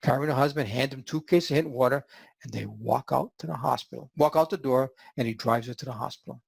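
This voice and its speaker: A man hosting a podcast and telling a story in an animated way, acting out the quotes. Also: medium pitch, fast talker, creaky, slightly rough, no echo. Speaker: podcast host.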